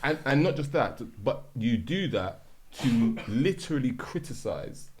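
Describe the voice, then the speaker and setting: A man's voice: mid-range voice, big pitch swings, unhurried. A man hosting a podcast, thinking aloud and searching for his words in casual chat. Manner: thoughtful, searches for words, many backchannel "mm". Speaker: podcast host.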